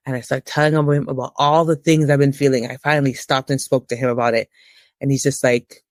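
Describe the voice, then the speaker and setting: A woman in her thirties giving a candid personal testimony as an interview guest, with emotional, preacher-like rises in pitch. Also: steady tone, brisk, no room sound, clean studio sound.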